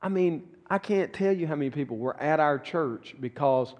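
A man's voice: on the high side, animated, moderate pace, a little mellow, muffled recording. A middle-aged man with a Southern US accent, a pastor teaching a church class in a folksy, earnest way that repeats words and restarts. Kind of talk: conversational teaching talk. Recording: long reverberant room echo.

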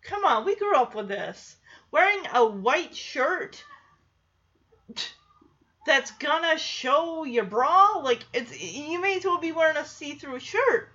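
A woman's voice: sits high, very animated, slow pace, sharp tone, dull audio. A woman giving a chatty, casual recap of a TV episode, laughing often and acting out quoted lines. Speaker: show recapper.

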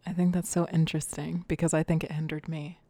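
A young woman hosting a casual podcast chat, giggly and self-deprecating with quick joking asides. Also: low-pitched, level tone, warm tone, no echo. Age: young adult. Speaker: podcast host.

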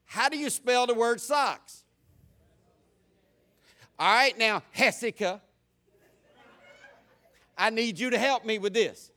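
A man's voice: very high voice, takes it slowly, pauses often, pushed and bright. A man preaching a folksy, humorous sermon, stumbling through many stammered restarts.

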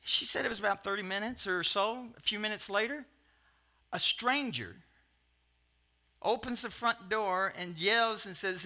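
Older guy preaching, super bright tense voice, rambles into asides. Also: sits high, unhurried. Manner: rambling, animated, with asides and restarts. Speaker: pastor. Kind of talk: sermon storytelling.

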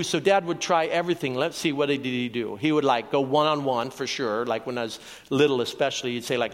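A man's voice: fairly high pitch, fast. A man from Oregon preaching his testimony to a live audience, storytelling earnestly with asides to the crowd. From Oregon, USA. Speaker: evangelist preacher. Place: large hall with an audience. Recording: long reverb from a large hall.

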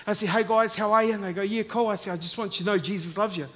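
A man's voice: high voice, rapid-fire. An Australian man preaching a sermon, telling stories and acting out the voices in them. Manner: animated, acts out voices in anecdotes. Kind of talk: sermon with storytelling.

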